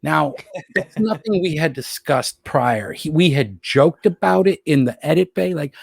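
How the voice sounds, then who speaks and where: This man's voice sits on the high side, creaky with a breathy edge, at a moderate pace, recorded at studio quality with no room sound. As a podcast guest from Rochester, New York, he tells long, profane stories casually and acts out others' lines.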